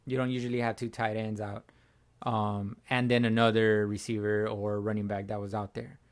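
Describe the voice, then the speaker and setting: A man hosting his own fan channel, hoarse from screaming, giving a slangy sports reaction chat as if talking to a buddy. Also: lowish voice, level tone, moderate pace. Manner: slangy, talks like chatting with a buddy. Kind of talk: casual sports reaction talk.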